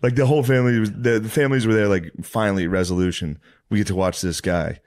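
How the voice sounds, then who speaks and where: A man's voice: fairly low pitch, steady tone, fast talker, darkish tone, no room sound, studio quality. A young man co-hosting a casual podcast, throwing in joking remarks and laughing through his own stories. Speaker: podcast co-host. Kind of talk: casual chat.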